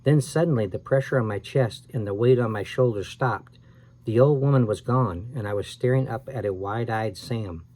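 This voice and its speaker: A man's voice: lowish voice, normal speed, mellow. A man reading a scary children's book aloud with expression, now and then correcting himself. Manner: reads with expression and small self-corrections. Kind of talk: dramatic read-aloud of a scary children's story.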